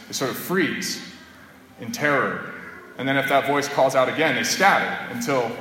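A priest delivers a homily, telling his points in an easy, conversational way. His voice is bright and forward. The recording was made in a church, so the sound rings off the walls with a long reverb tail and faint room noise underneath. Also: medium pitch. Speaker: Catholic priest.

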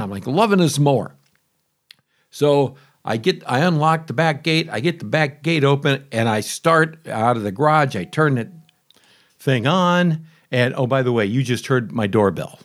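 A man telling a casual, rambling story to camera about testing a new mower, chatty and full of asides and grumbles. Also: on the high side. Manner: chatty, conversational, self-interrupting. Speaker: homeowner reviewing a lawn mower.

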